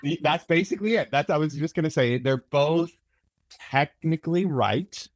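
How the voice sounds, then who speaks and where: A man's voice: a little high, normal speed, no echo. A man appearing as a podcast guest, chatting casually and explaining at length with agreeable fillers and restarts. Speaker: camera product manager guest. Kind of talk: casual interview chat.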